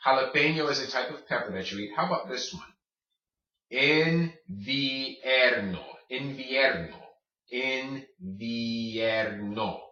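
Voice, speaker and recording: A man's voice: mid-range voice, lively intonation, bright, forceful tone. Man drilling Spanish words, echoey room. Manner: drills words slowly and repeats them. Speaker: Spanish teacher. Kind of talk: recorded language lesson. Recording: echoey room, distant dull mic.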